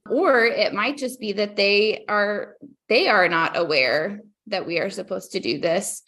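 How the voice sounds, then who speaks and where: A woman speaking as a podcast guest, chatting casually and explaining her thinking in a measured way. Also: medium pitch, a bit bright. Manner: thoughtful, measured. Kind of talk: casual chat.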